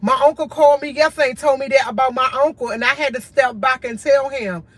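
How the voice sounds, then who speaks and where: A fast-talking woman with a high voice hosts a candid livestream, recorded with no echo. She's an adult college student with a school-age son, and she comes across as tired and earnest, circling back through short, repeated phrases.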